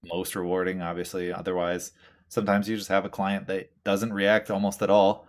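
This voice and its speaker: A laid-back man chatting on a tattoo podcast. His voice sits very low and stays fairly flat. He rambles loosely, leaning on filler words and dropping the occasional curse. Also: normal speed. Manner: reads out listener questions. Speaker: tattoo artist and podcast host. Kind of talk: casual chat.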